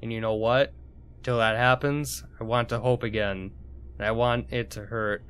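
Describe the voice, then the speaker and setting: A man's voice: medium pitch, steady tone, moderate pace, smooth, natural voice. A man reading as a weary young cat woman. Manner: quiet, subdued reading. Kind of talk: reading game dialogue aloud.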